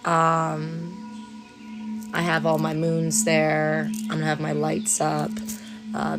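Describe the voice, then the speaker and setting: A woman chatting casually to viewers on an outdoor live stream, calling them darling, with gentle guided breathing. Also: low voice. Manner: affectionate, calls viewers darling and lovelies. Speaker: livestream Reiki practitioner. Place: outdoors at sunrise. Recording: music playing in the background.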